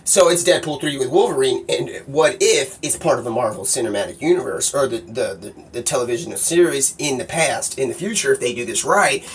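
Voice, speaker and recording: A man streaming live, rambling excitably and swearing a lot, sometimes shouting. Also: medium pitch, brisk, few pauses. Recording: distant mic with faint background noise.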